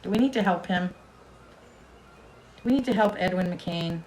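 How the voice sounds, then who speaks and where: A woman's voice: lowish voice, normal speed, a little mellow, a little hiss or hum, poor audio. A woman hosting a casual livestream, chatting with viewers as she reads their comments. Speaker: host.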